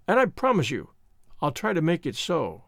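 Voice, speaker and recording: A man's voice: on the high side, huge pitch swings, moderate pace, gravelly, no echo, clean studio sound, full character voice. A man voicing an eager, earnest teenage boy in an audiobook. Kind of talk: audiobook reading.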